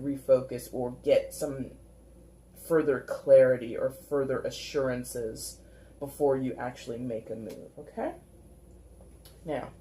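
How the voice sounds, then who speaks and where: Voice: medium pitch, mellow. A tarot reader giving a casual, rambling card reading, talking in a chatty way with lots of 'like'. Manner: chatty, rambling, heavy use of filler 'like'.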